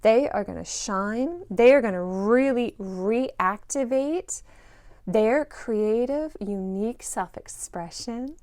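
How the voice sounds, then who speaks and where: A woman giving a spoken intuitive reading to parents, gentle and reflective, musing aloud with fillers. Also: fairly high pitch, slow, dry recording, studio quality. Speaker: intuitive reader.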